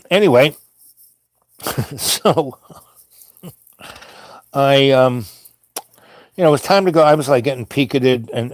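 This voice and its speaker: A man's voice: mid-range voice, no room sound. Rambling New man telling a story. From New York. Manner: meandering, many fillers and restarts. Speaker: host.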